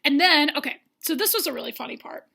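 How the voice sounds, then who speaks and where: High, gravelly-voiced rambling woman. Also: expressive, quick pace, noisy background. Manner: rambling, sarcastic, lots of fillers. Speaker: vlogger recapping a dating show. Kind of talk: comedic recap.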